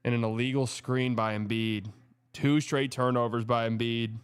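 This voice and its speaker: A man hosting a live watch party, reacting excitably to plays and chatting between them. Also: mid-range voice, moderate pace, smooth, no room sound. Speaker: show host.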